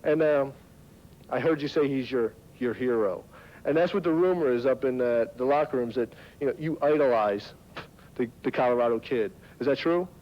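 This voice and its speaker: A man's voice: mid-range voice, moderate pace. A man hosting a wrestling talk segment, cutting a mocking heel promo. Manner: taunting, mocking. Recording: lo-fi 1990s TV audio.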